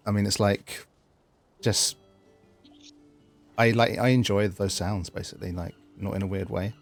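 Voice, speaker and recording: A man's voice: lowish voice, normal speed, pauses often, soft background music. A man streaming a game, chatting casually, reading chat aloud, laughing and swearing freely.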